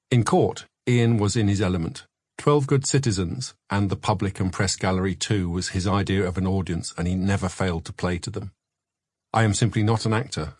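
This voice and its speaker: A man narrating his memoir as a scripted audiobook, measured and matter-of-fact. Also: fairly low pitch, darkish tone, no room sound, clean studio sound.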